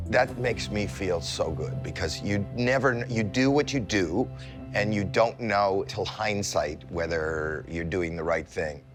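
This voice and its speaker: A man in his sixties, a celebrity guest, telling a story in a casual chat with lively comic timing that jumps into high-pitched yelps as he acts out scenes. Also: slow, long pauses, music in the background. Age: 60s.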